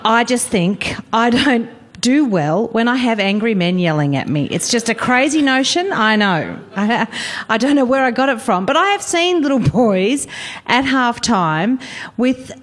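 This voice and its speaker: A woman's voice: a little high, a little slow. Wry, laughing Australian woman spinning stories. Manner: animated storyteller, wry, laughs often, acts out voices. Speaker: talk show guest, junior football assistant coach. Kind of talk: casual chat, comic anecdotes.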